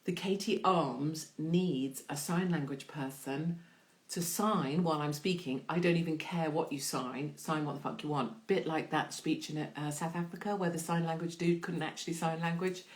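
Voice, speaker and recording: Chatty, irreverent woman hosting a live stream. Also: moderate pace. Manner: irreverent, chatty, swears freely, asks the audience questions; big jumps in pitch when reading questions aloud. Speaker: host of her own online show. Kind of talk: casual live-stream chat answering viewer questions.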